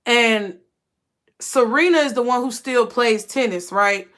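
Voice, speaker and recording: A young woman with a fairly high voice talks to her viewers in a casual spiritual reading. She gets emotional, repeats herself and keeps calling them y'all. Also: unhurried, a bit bright. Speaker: tarot reader.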